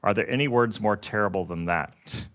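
A man preaching a sermon, reading scripture in a slow, solemn and measured way. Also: fairly low pitch, a bit bright. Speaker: pastor.

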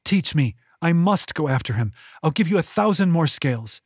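A man's voice: a little high, lively intonation, normal speed, husky, no room sound, clean studio sound, pitched above the performer's own voice. A man reading an audiobook, voicing a fierce, stubborn young woman warrior in a raised voice. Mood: urgent.

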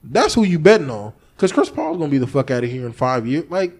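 Male podcast host, slightly higher pitch, animated and profane storyteller. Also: fast. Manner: animated storytelling, acting out his own past lines, swearing freely. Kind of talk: casual chat.

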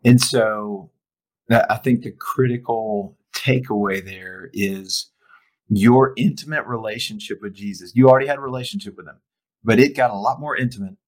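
A man's voice: on the low side, moderate pace, low-quality recording. Thoughtful male interviewer. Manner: thoughtful, summarizing. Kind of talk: reflective interview commentary.

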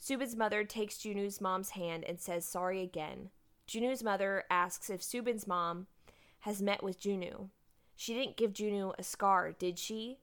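A woman's voice: mid-range voice, a little slow, fairly bright tone, clear, resonant tone. A woman co-hosting a casual podcast, animatedly summarizing drama episodes and laughing often. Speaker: podcast co-host recapping a drama. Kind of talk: casual chat recapping episodes.

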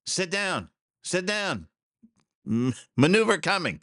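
A man voicing an excitable Italian gondolier who urgently orders his passengers to sit down, in a raised voice above his own. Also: sits high, slow, no room sound, studio quality, voice pushed up, full character voice. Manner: urgent, bossy warnings.

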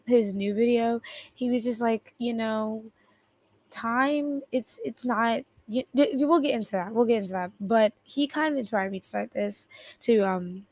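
Giggly rambling teen girl host. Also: fairly high pitch. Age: teens. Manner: rambling, giggly, often corrects herself. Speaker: podcast host. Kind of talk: casual chat. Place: bedroom at home. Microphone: headphones at a computer keyboard.

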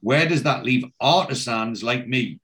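A man's voice: medium pitch, lively intonation, a little slow, sharp tone. A man voicing a blunt middle-aged businessman who lectures a friend. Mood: lecturing.

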